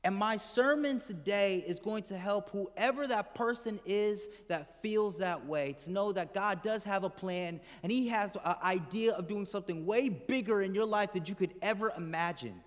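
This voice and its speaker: In a church hall full of congregants, a male pastor preaches conversationally, asking the congregation questions and letting his voice fall soft and low at the ends of phrases. He talks at normal speed with hardly any pauses, and the room adds hall reverb.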